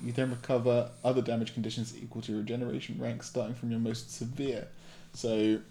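A man narrating as game master of a tabletop game, halting and hesitant as he describes the action. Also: mid-range voice, little pitch movement, mellow, a little hiss or hum. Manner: halting, many fillers and restarts.

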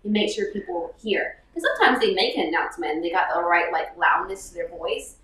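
A young woman co-hosting a podcast in a chatty, emphatic way, with her voice dropping low at the ends of lines. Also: brisk, fairly bright tone, far from the mic, poor audio. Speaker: podcast co-host, wedding planner. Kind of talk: casual chat.

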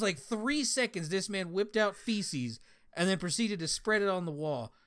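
A young man on a casual podcast, telling a story full of swearing and breaking into laughter as he goes. His voice sits a little higher than most men's. He is from Colorado. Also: lively intonation, moderate pace, sharp tone, smooth. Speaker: podcast guest, former prison guard.

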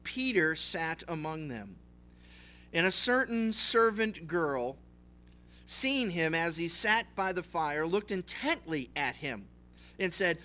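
A man's voice: a little high, very animated, takes it slowly, pushed and bright. A male pastor giving a conversational sermon, retelling scripture with acted voices. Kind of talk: expository sermon.

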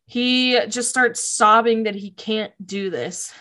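Woman host, slightly high voice; casual, gushing recap with lots of laughs and fillers. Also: takes it slowly, sharp tone. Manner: emotional, gushing, laughs often, many likes.

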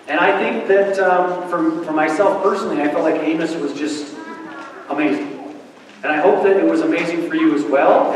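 A man preaching a sermon as pastor in a church sanctuary, talking in a conversational, playful way and repeating phrases for emphasis. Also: a little high. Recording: echoey hall from far off, faint background hum.

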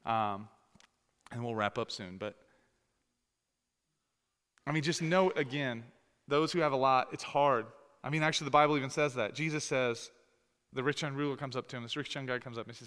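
A man preaching a sermon as pastor, talking conversationally and rising to loud, emphatic scripture reading. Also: medium pitch, normal speed, long pauses, smooth. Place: church sanctuary. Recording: long hall reverb.

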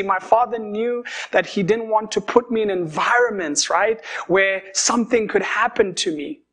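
A young man preaching a sermon, telling stories in a conversational, lively way. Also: sits high.

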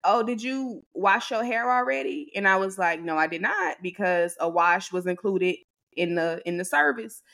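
A woman co-hosting a podcast, telling an animated, exasperated story and acting out what others said. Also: mid-range voice, moderate pace. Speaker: podcast co-host. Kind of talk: casual storytelling to a co-host.

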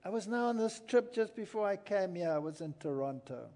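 A man's voice: high voice, expressive, fairly quick, mellow. A man preaching a sermon to an audience, earnest and emphatic, telling stories between points. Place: large hall with an audience. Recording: long hall reverb.

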